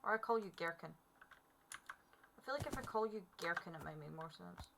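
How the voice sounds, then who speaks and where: A woman's voice: fairly low pitch, lively intonation, brisk, gravelly, background noise. A woman, chatting playfully to herself and the animals while streaming a game. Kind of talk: casual gameplay commentary. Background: background music.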